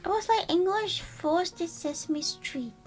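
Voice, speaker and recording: A woman's voice: very high-pitched, measured pace, faint music behind. A woman streamer chatting casually and playfully with her viewers, rambling and greeting chat.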